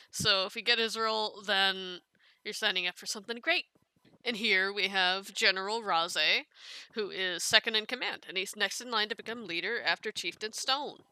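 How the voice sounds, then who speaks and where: A woman talks through a casting call for a fan comic dub in a loose, chatty way. Her voice is very bright and smooth. It sits close and dry, with no room sound. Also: medium pitch, no room sound. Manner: chatty, loose, with small restarts and fillers. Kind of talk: casual casting call walkthrough.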